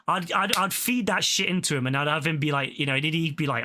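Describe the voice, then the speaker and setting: Bright-voiced streamer, rambling and sweary. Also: male voice, fairly high pitch, quick pace, hardly any pauses, a little hiss or hum. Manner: rambling, swears freely, frequent stammered restarts. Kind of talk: casual reaction commentary.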